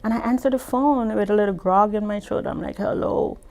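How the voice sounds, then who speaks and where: A woman's voice: mid-range voice, a little fast, a little mellow. A woman business owner being interviewed, telling her story emphatically and repeating words as she builds.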